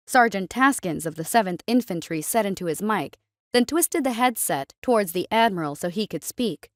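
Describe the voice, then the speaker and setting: A woman reading a science fiction story aloud in a steady, even storytelling voice. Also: medium pitch, normal speed, no echo, clean studio sound. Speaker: narrator. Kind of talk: scripted story narration.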